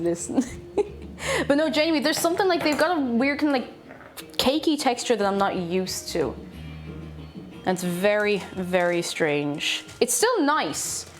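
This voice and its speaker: An Irish woman streaming from her home kitchen, chatty and playful as she reads out chat messages. Her voice sits fairly high and swings up and down a great deal. Faint music plays behind her. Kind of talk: casual cooking livestream chat.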